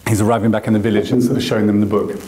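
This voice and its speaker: A man's voice: lowish voice, rapid-fire, slight background noise. Roomy-sounding male storyteller on stage. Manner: anecdotal, animated, with acted quotes. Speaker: photographer and guest speaker. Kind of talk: storytelling lecture. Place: lecture hall.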